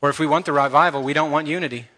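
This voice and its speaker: A man's voice: on the high side, steady tone, very fast, pushed and bright. A man who is a church elder, preaching an earnest and impassioned sermon straight to his congregation.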